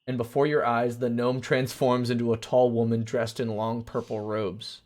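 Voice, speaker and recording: A man reading a gamebook aloud on a live stream, mixing steady narration with casual, crude asides. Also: mid-range voice, normal speed. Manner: casual and crude, reads narration then chats.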